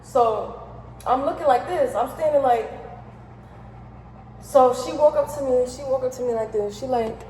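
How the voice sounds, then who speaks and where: A young woman from New York with a matching accent, telling a storytime vlog in a loose, profane, slang-heavy way. Her voice sits a little high, and the room around her rings with a long echo. A faint ambient hum runs underneath. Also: normal speed, pauses often. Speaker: vlogger. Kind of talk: casual storytime.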